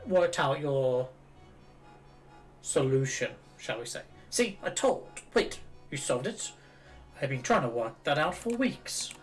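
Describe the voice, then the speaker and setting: A man's voice: a little high, a bit bright. A man streaming a video game, chatting casually in a self-mocking way and reading the dialogue aloud. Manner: chatty, self-mocking, laughs at his own jokes.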